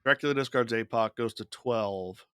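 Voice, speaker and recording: A streamer with a medium-pitched, fairly bright, clear and resonant voice mutters his thoughts at a moderate pace while playing a digital card game. The studio-quality audio has no room sound.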